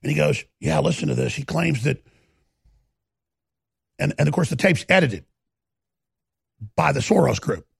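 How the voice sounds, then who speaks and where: A man's voice: on the high side, animated, unhurried, long pauses, no room sound, clean studio sound. A man hosting a talk show, delivering an impassioned, emphatic monologue and often stammering and repeating words. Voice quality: gravelly, raspy.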